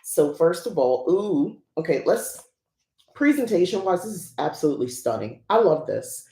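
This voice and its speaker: A woman's voice: lowish voice, very animated, normal speed, mellow, roomy sound. A woman hosting a casual unboxing chat who rambles and laughs often. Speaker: host.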